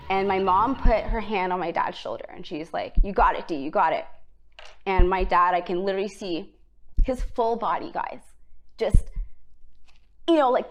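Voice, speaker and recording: A woman in her thirties, a vlogger, telling a personal story to her viewers in a chatty, earnest way, with many fillers and emotion showing through. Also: medium pitch. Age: 30s.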